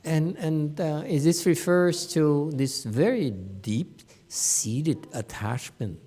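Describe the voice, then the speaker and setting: Slow-talking man giving a joking Dharma talk. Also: fairly high pitch, mellow, husky. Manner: chatty, joking, laughs often, repeats words. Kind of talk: informal Dharma lecture. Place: meditation hall.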